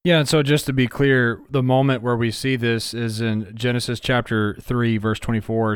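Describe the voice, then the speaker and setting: A man with a smooth, resonant voice reads Bible verses aloud and explains them on a podcast. He speaks at a medium pitch. The recording is dry and close. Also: flat delivery, moderate pace, hardly any pauses, no room sound. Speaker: co-host. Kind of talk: conversational Bible study discussion.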